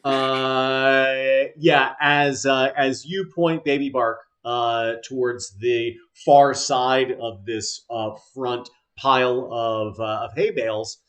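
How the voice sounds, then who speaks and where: A male game master narrates the scene slowly, pausing often with filler sounds as he describes the action. His delivery is unhurried and hesitant, with a middle-pitched, everyday voice. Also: steady tone, a bit bright. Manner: slow, halting, many "uh" fillers.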